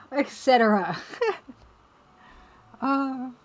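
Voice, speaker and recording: A woman chatting casually on a live art stream while working, reading viewer messages aloud and reacting with excited exclamations. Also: high voice, dull audio. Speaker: game developer streaming while drawing.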